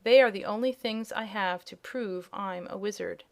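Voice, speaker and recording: A small older wizard talks in a calm, measured, explaining manner. He sounds genial and frank, as a woman reading the story puts him on. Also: mid-range voice, creaky, natural voice. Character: little old humbug wizard, man, genial. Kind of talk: audiobook character voice.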